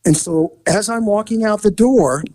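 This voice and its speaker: A man's voice: high-pitched, moderate pace, dark tone, no room sound. A man who was a police officer, casually telling a story and acting out voices and sound effects.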